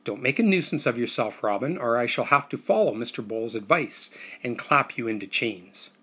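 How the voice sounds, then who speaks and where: A man doing a smooth, mocking villainous uncle. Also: mid-range voice, animated, normal speed, fairly bright tone. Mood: dismissive. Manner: light, smooth, condescending. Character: smooth, mocking, malicious middle-aged uncle.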